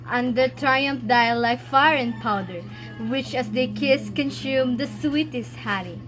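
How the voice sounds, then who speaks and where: A woman playing a solemn friar giving measured counsel, in a student stage play. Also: fairly high pitch, rough recording.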